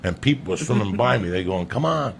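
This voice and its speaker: A man's voice: low voice, fast talker, crowd noise. A man telling a crude, comic story on a podcast, swearing often and calling his listener by name. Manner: profane, emphatic, keeps addressing the listener by name.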